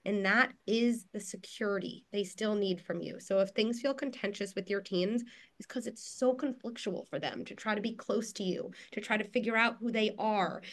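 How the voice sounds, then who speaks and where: A woman psychologist talks parents through raising teens in a video-call conversation. She is earnest and reassuring, at an ordinary middle pitch, and she often restarts her sentences and leans on "like" as she builds her points.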